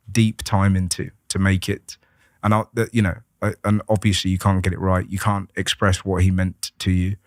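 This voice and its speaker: British man, low voice, rambling candid stories, dry close sound. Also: dry recording. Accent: British English. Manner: rambling, halting with many restarts and fillers, swearing freely. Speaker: guest comedian. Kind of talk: candid conversational storytelling.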